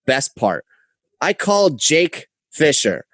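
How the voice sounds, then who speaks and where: A young man, a podcast guest, telling a rambling story with animated, casual swearing. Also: on the high side, takes it slowly, no room sound. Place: podcast studio. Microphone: close podcast mic.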